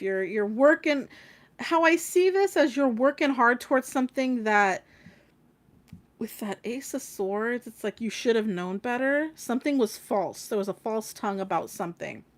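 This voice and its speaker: Young female tarot reader, livestream host, fairly high voice, loose and laughing, curses casually. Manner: chatty, laughs often, swears casually.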